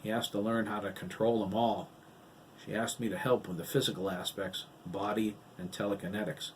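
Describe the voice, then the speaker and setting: A man reading the part of a blunt, gruff older ex-Marine in an audiobook. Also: fairly low pitch, fairly even intonation, moderate pace, a little hiss or hum, natural voice, rough recording.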